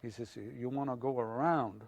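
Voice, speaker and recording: An older man, from Hungary, telling his life story in an oral history interview, halting and full of fillers. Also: medium pitch, fairly even intonation, gravelly.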